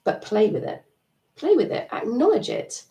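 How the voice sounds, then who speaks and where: A woman's voice: on the high side, big pitch swings, moderate pace, dark tone, muffled recording. A middle-aged woman coaching a live EFT tapping session, chatty and encouraging, laughing at herself. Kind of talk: live-stream coaching talk. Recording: echoey room, distant mic.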